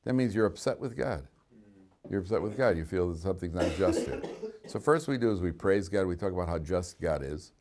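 A man's voice: sits low, brisk. A man teaching a class as a rabbi, reading Hebrew verses, translating them and adding joking asides. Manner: animated, joking asides, reads Hebrew text then translates. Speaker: rabbi teaching weekly Torah portion. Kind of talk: classroom lecture with humor. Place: study hall classroom.

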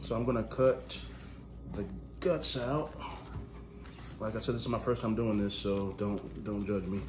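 A joking, easygoing man with a drawl chats his way through a recipe at home. His voice sits fairly low, with a pan sizzling loudly behind him. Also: steady tone, measured pace, heavy background noise. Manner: jokey, laid-back, talks straight to viewers. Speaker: cooking vlog host. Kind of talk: casual cooking demo chat. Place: home kitchen.

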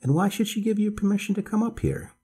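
A man's voice: high voice, lively intonation, fast, dark tone, breathy edge, pitched above the performer's own voice. A man voicing a fussy, lonely woman schoolteacher who speaks formally and a little coldly. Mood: prim. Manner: formal, hesitant, a little cold.

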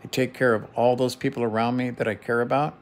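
A man's voice: mid-range voice, little pitch movement, fast talker. Profane, heated middle-aged man venting. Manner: heated, profane, repeats phrases for emphasis. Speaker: vlogger. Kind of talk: emotional personal monologue.

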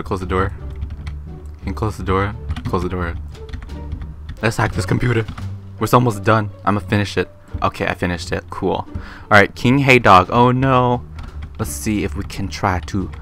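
Excitable young man gaming, bright tone. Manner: excitable, jumps to high shrieks and laughter. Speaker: gaming YouTuber. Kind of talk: Let's Play commentary. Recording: game music behind.

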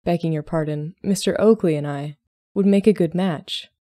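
A woman's voice: on the low side, moderate pace, mellow, dry recording, clean studio sound, natural voice. A woman voicing an impulsive, bubbly young lady of the Regency era, speaking eagerly.

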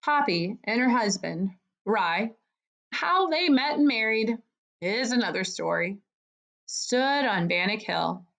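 A woman narrating a children's storybook aloud in a measured, gentle way, on a dull lo-fi recording. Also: fairly high pitch.

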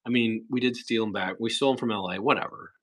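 A man's voice: lowish voice, a bit bright, husky. A man hosting a casual livestream, chatting and reading viewer comments in a rambling, talkative way. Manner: rambling, chatty, quick asides. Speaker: livestream host.

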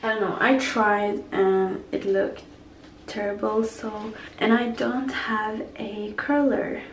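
A woman's voice: medium pitch, little pitch movement, slow pace, far from the mic, slight background noise. A young woman vlogging casually while getting ready, chatty and self-mocking, slipping into whispers now and then, and a bit sick with a cold. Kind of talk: casual vlog chat. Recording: roomy echo, camera set back.

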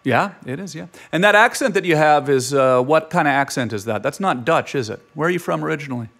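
A man's voice: fairly high pitch, animated, fast talker, vocal fry, a bit bright. A man in his forties hosting a call-in show, chatting casually and teasing the caller. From Canada. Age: 40s. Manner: playful, teasing, goofy. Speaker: host taking calls. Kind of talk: casual call-in chat, joking.

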